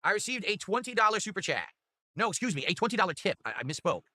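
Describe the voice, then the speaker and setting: Brief: male streamer, quick and sharp-toned, profane rambling thank-yous, dry close desktop mic. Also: high voice, very animated, dry recording. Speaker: livestreamer. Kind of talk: casual stream chat reading donations. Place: his home streaming room. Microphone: desktop USB mic.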